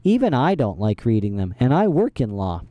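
A man's voice: medium pitch, sing-song, normal speed, warm tone, no echo, natural voice. A man voicing a cheerful, stage-struck woman judge who talks in an eager, gushing way.

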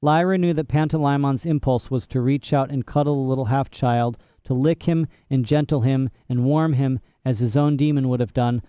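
Man reading an audiobook, warm mellow voice, smooth, dry close mic. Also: medium pitch, fairly even intonation, normal speed, few pauses, dry recording. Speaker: audiobook narrator. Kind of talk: scripted narration.

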